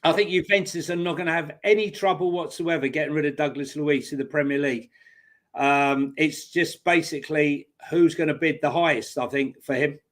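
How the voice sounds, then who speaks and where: A man's voice: a little high, steady tone, normal speed, a bit bright. A man co-hosting a casual live football chat stream, full of jokes and banter. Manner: joking, banter-filled. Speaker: co-host.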